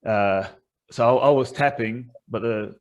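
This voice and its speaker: A man's voice: medium pitch, measured pace. A man hosting a podcast, telling stories in a casual, rambling way and laughing often. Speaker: podcast host. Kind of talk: casual chat.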